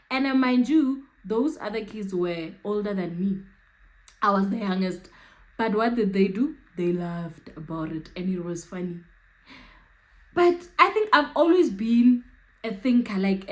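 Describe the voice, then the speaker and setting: A woman's voice: medium pitch, expressive, a little slow, fairly bright tone. A young woman with a South African accent telling a personal story to her viewers. She chats, laughs often and keeps checking in with them. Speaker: YouTuber. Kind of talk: storytime vlog.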